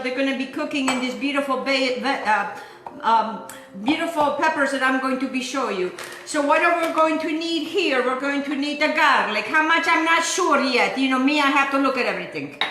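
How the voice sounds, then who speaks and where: A woman's voice: high-pitched, sharp tone, reverberant, slight background noise. A woman from Argentina hosting a cooking show, chatting in a bubbly, sing-song way and sprinkling in Italian words. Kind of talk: chatty live cooking demonstration. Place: home kitchen.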